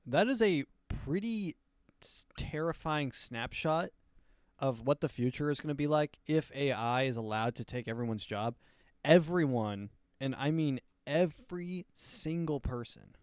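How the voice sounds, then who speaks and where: A man hosts a comedy podcast in a loose, rambling way, packing his talk with fillers and deadpan asides. His voice is mid-pitched and smooth, recorded close and dry. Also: dry recording. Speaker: podcast host. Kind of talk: casual comedic commentary.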